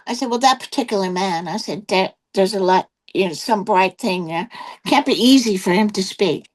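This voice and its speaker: A woman's voice: mid-range voice, normal speed, rough recording. An older woman giving her personal testimony as an interview guest, telling a rambling story full of quoted exchanges and fillers.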